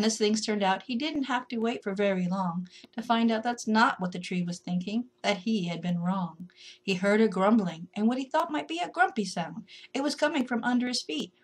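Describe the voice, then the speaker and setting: A woman narrating a rhyming children's story in a gentle, rhythmic way. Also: mid-range voice, breathy edge.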